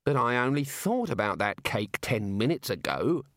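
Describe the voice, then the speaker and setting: A man voicing a plodding older wizard who speaks slowly and matter-of-factly. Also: medium pitch, big pitch swings, a bit bright, no echo, clean studio sound.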